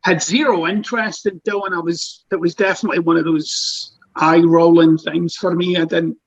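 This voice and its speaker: A man's voice: fairly high pitch, steady tone, moderate pace, muffled recording. A Scottish man guest, an author and coach, telling his story bluntly and casually, with some swearing. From Scotland. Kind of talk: relaxed interview storytelling.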